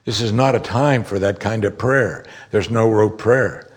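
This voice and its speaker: A pastor preaching a sermon, explaining scripture earnestly and building to emphatic outbursts. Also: male voice, fairly low pitch, a little slow.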